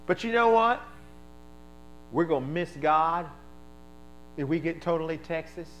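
Male pastor, sermon, call-and-response, quiet asides and shouted bursts, raised pitch, faint mains hum. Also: animated, a little slow, poor audio. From American East Coast. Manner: call-and-response preaching, swings from low asides to shouted exclamations.

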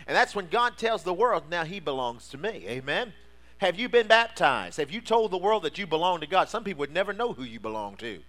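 A man preaches with a high, ringing voice, drawing call-and-response from his congregation. He swings from low, confiding lines to fervent shouts. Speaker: pastor. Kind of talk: sermon.

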